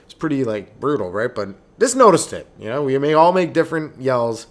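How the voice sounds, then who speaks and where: A young man doing a rambling, profane comedy monologue as a stand-up podcast host, who keeps breaking into quick acted voices and yells. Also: medium pitch, sing-song.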